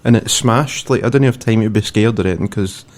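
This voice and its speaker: Low-voiced laid-back British man. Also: a little fast, a little mellow. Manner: laid-back, swears, laughs through his own anecdote. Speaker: podcast co-host. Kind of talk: casual chat.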